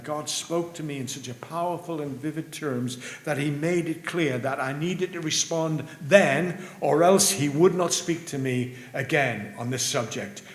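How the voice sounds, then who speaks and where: Earnest male preacher in a roomy church. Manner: earnest, rises in pitch and volume for emphasis, drops low at ends of phrases. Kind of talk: sermon. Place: church sanctuary. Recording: roomy church with faint hum.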